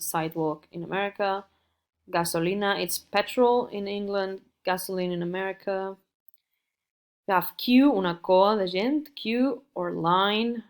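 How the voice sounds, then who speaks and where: Woman teaching English slowly. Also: on the low side. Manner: repeats words slowly and carefully for learners. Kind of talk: recorded online English lesson.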